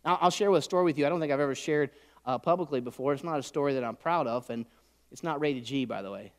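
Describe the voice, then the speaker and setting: A middle-aged man preaching a sermon, swinging from loud shouts to soft whispers. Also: medium pitch, quick pace. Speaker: pastor. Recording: long hall reverb.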